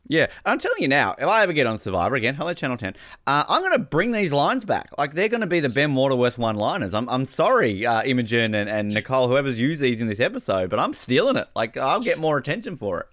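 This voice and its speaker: A man co-hosting a casual podcast about a reality show, talking in an animated way and acting out quotes. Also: mid-range voice, no echo, clean studio sound. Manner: animated, quick to act out quotes. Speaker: podcast co-host. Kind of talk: casual chat.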